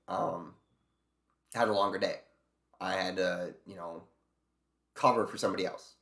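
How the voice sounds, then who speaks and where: A man's voice: fairly low pitch, a bit bright, roomy sound. Man ranting with lots of swearing. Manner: profane, venting, mimics bosses in quoted voices. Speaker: streamer. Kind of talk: casual rant to stream viewers.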